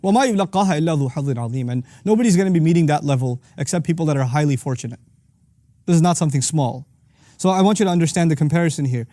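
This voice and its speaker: A middle-aged man teaching a lesson on Quranic verses as host of his series, talking rapidly and breaking into quick Arabic recitation. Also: on the high side, lively intonation, mellow, dry recording.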